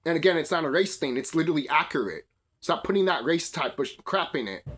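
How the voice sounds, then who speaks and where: A man's voice: on the high side, expressive, quick pace, fairly bright tone, slightly rough. A young man hosting his channel, delivering a heated, profane, rambling rant. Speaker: video channel host. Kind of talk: ranting commentary.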